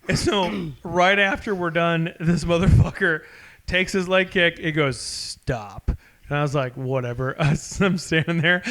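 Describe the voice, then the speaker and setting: A man in his thirties, co-hosting a podcast and telling crude stories with lots of laughter. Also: sits high. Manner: animated storyteller, laughs often, crude. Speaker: podcast co-host. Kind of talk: casual podcast chat.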